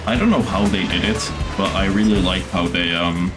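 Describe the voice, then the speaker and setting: Over music, a deep-voiced gaming streamer chats casually at a moderate pace while building a theme park. He speaks into a desktop mic, with lots of fillers and the odd swear.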